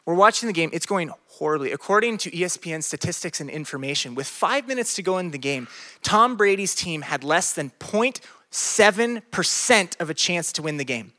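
A man preaching a sermon as pastor, animated, joking and conversational. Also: fairly high pitch, moderate pace. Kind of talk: sermon to a youth group.

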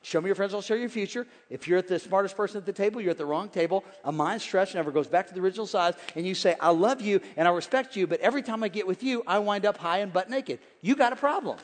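A man in his forties preaching a sermon as pastor, energetic and folksy, jumping from shouts to hushed, joking asides. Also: sits high, fast, few pauses, in a large hall. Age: 40s. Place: large church hall with congregation.

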